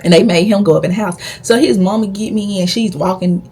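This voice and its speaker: A woman's voice: medium pitch, quick pace, a little mellow, slightly rough. A young woman vlogger telling a personal story in a blunt, profane, emphatic way. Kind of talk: casual storytime.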